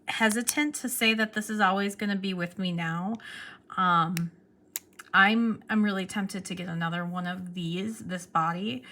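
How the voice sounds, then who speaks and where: Young woman, bright chatty vlogger, gushing and rambling, faint room hiss. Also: medium pitch. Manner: excitable, chatty, trails off and restarts. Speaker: pen vlogger. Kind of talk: casual show-and-tell vlog.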